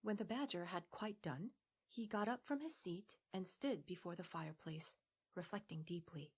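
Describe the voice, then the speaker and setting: A woman narrating a classic storybook in a gentle, hushed audiobook voice. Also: fairly low pitch, moderate pace, slightly rough. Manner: gentle, hushed, half-whispered.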